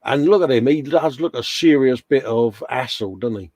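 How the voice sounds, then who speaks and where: A middle-aged English man chatting on a live stream, all jokes and friendly slang, calling his co-host mate. The sound is close and dry, with no room at all. His pitch sits in an ordinary middle range. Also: normal speed, a little mellow, no echo. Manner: chatty and jokey, calls everyone mate. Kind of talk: casual chat on a live stream.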